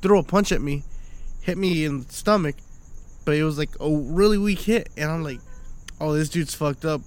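Drunk, loud-mouthed male co-host with a high voice, cursing through a casual chat. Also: normal speed. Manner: rowdy, swearing, laughing storyteller. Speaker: podcast co-host.

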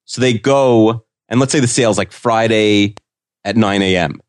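A man's voice: lowish voice, moderate pace. A man co-hosting a podcast, chatting casually about an episode, with a rambling, hesitant style full of fillers and restarts. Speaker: podcast co-host. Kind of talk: casual episode recap chat.

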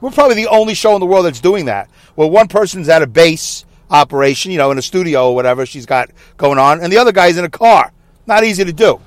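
A chatty man records a rambling podcast from his parked car, mocking himself as he goes. His pitch swings a lot and runs a touch high. The sound is close and dry, with no room around it. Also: lively intonation, fast talker, no room sound. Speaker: podcast host. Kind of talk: casual solo podcast chat.

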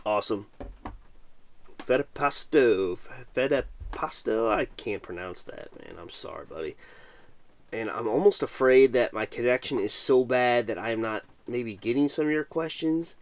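A man's voice: medium pitch, lively intonation, moderate pace. A middle-aged man from Missouri, hosting a casual late-night livestream and chatting while reading viewer comments aloud. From Missouri, USA. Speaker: podcast host.

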